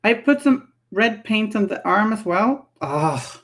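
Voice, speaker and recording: A woman's voice: mid-range voice, big pitch swings, takes it slowly. A woman painting miniatures on a livestream, chatting casually, laughing often and musing aloud as she works. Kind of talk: casual chat while painting.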